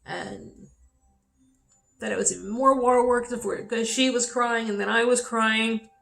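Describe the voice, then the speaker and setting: A woman's voice: on the high side, steady tone, unhurried, gravelly, a bit bright, soft background music. A young adult woman vlogging a personal story, candid and swearing freely, her voice rising when she gets upset. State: dry mouth. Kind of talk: personal vlog, emotional storytelling.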